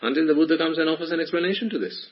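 A man's voice: on the high side, very fast, husky, lo-fi sound. A man giving a Buddhist teaching to a small group, questioning his listeners in a playful, probing way. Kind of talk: Dhamma talk to a small group.

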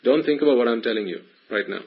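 A husky male voice in a dull, lo-fi recording. He teaches Buddhist ideas to a small group, pressing his listeners with playful, teasing questions. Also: mid-range voice, quick pace. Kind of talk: Dhamma talk to a small group.

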